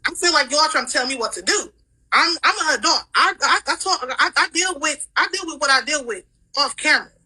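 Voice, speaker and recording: Give me a defensive woman in a heated livestream argument who repeats the same phrases over and over. Her voice is high and very bright and sharp. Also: animated, a little fast, rough recording. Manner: defensive, repeats herself insistently. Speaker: livestream participant.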